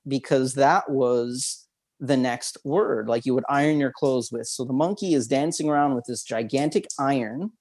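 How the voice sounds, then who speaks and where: A man's voice: fairly high pitch, a little mellow. A man, a memory expert guest on an interview, leading a listener through a visualization exercise in an upbeat, instructive way with frequent chuckles.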